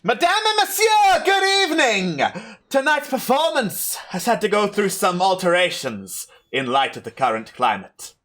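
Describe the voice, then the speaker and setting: A man's voice: high voice, very animated, moderate pace, a bit bright, pitched above the performer's own voice. A man voicing an unseen, grandiose theatre announcer who declaims in a flowery showman style.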